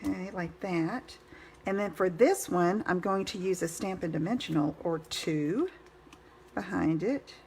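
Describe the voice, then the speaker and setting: A woman's voice: on the low side, measured pace, darkish tone, slight background noise. A woman giving a live card-making demonstration, chatty and encouraging, greeting viewers by name.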